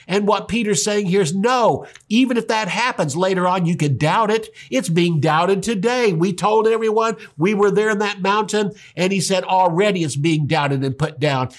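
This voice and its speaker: A man preaching a sermon, animated, acting out the voices he quotes. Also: high voice, normal speed, few pauses. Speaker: pastor.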